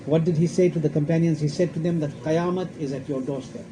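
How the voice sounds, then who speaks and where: Speaking fast in a steady, high-leaning voice, this Islamic scholar lectures emphatically on religion. He quotes Arabic verses, asks rhetorical questions, and drives his points home through repetition, with background noise in the recording.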